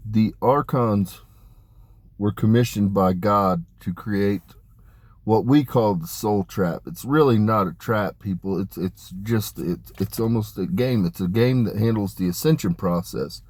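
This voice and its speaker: Low-voiced man rambling emphatically. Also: measured pace, darkish tone, no echo. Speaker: spiritual channeler. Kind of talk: casual spoken monologue.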